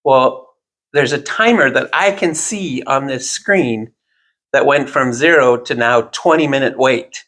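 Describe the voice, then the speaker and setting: A man's voice: medium pitch, a little slow, fairly bright tone. A man telling a long, rambling personal anecdote in casual chat, with self-deprecating asides.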